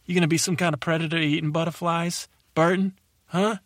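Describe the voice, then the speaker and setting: A man voicing a loudmouth male butterfly who rants angrily at humans in a brash, rambling way with a put-on tough-guy accent. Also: a little high, fairly even intonation, racing, dry recording, clean studio sound, pitched above the performer's own voice, close to an everyday voice. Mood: ranting. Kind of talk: comedic character monologue.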